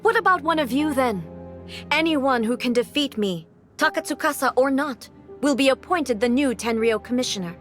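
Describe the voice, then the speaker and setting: An imperious ruler speaks with cold, formal command in a game scene. Her voice sits slightly high and every word is measured. Faint game music plays behind her. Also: animated, fairly bright tone.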